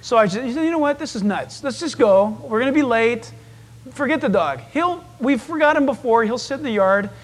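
Male preacher, very high voice, lively storyteller who acts out voices. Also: moderate pace. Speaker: pastor. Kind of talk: sermon.

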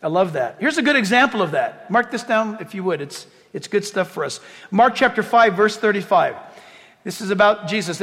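Brief: animated, joking male pastor, high voice, long church-hall reverb. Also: fairly quick. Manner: animated, jokey, acts out the scripture scenes. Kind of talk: sermon.

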